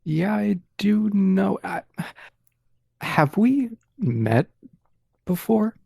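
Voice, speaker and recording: A man plays a wary, polite young woman in a tabletop role-play, speaking slowly with a gravelly edge. Dry and hesitant, the voice is recorded close with no room sound. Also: high-pitched, very animated, a little mellow, dry recording, pitched above the performer's own voice, heavily acted.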